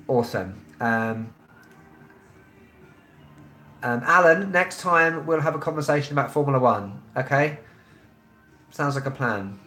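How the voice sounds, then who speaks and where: A man's voice: medium pitch, sharp tone. Rambling London man in an echoey room. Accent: London English. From England. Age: 30s. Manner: rambling and blunt, heavy with ums. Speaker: travel vlogger hosting a live stream. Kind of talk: casual live-stream chat.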